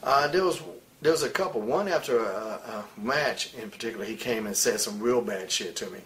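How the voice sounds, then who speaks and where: A man's voice: lowish voice, a little fast, a bit bright. A man in his forties, a former wrestler, talking bluntly and profanely in a candid interview, with faint hiss behind him. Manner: blunt, profane, heated storytelling. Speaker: retired pro wrestler as interview guest.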